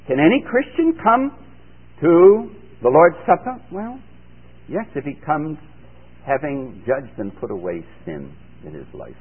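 A man's voice: on the high side, huge pitch swings, slow pace, long pauses, husky. A man giving a radio sermon as a Bible teacher, reading scripture aloud and then explaining it plainly with rising emphasis. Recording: phone-like old radio broadcast with long reverb.

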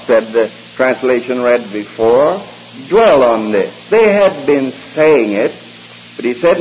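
Man, preacher: slow, emphatic sermon delivery with a slightly raised voice, recorded lo-fi with faint hiss. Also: fairly high pitch, in a large hall. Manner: deliberate, emphatic, drawn-out phrases with hesitant fillers.

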